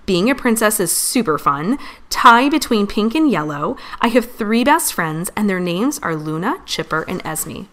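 A woman voicing an eager little girl cat princess in a storybook reading, bright and curious. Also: mid-range voice, sing-song, moderate pace.

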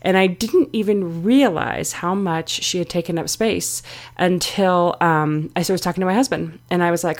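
A woman's voice: on the low side, moderate pace. A middle-aged woman hosting her own podcast, talking alone in a candid, confessional way with plenty of fillers. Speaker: podcast host. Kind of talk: reflective solo podcast talk.

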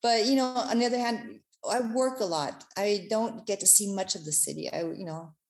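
Her mid-range voice moves at a moderate pace as this woman from Germany, slightly German-accented, guests on a casual interview. She's relaxed but hesitant, leaning on fillers.

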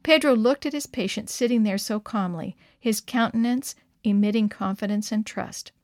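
A woman narrating a story aloud in a steady, expressive reading voice. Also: medium pitch, normal speed, no echo, studio quality.

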